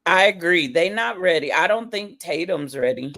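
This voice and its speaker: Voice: mid-range voice, animated, moderate pace, bright, forceful tone. A podcast co-host in casual wrestling chat, with a middle-range voice. Opinions come out blunt and playful, full of easy slang.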